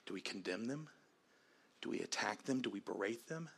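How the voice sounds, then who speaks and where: A pastor delivering an earnest sermon on family and forgiveness, then leading a prayer in softer tones. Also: male voice, lowish voice, lively intonation, moderate pace, creaky, husky. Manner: earnest preaching, dropping to soft prayerful tones.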